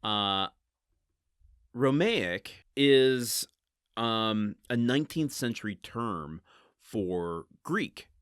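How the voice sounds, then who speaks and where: A low-pitched man hosts a casual book podcast from home and thinks aloud as he goes. He rambles and pokes fun at himself, and his voice has a bright, forceful edge. The close mic sounds dry. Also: dry recording. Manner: rambling, self-deprecating, laughs and thinks aloud. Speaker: podcast host.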